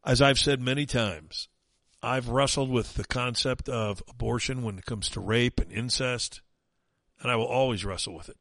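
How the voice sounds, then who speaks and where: A man's voice: mid-range voice, moderate pace, fairly bright tone, no room sound. A man hosting a talk radio show, delivering an opinionated, mocking and emphatic monologue.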